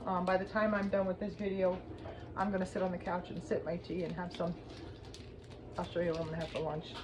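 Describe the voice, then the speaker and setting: A woman casually chatting through a slow cooker recipe in her home kitchen, rambling with lots of fillers and asides. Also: fairly low pitch, flat delivery, noisy background. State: teary from cutting onions. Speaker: home cooking vlogger. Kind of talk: casual cooking demonstration.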